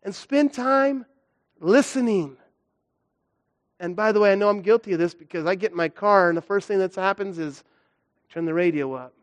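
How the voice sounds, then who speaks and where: A young man preaching a sermon as a guest speaker, animated and acting out stories with big jumps in his voice. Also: normal speed, pauses often. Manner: animated, acts out stories with big pitch swings.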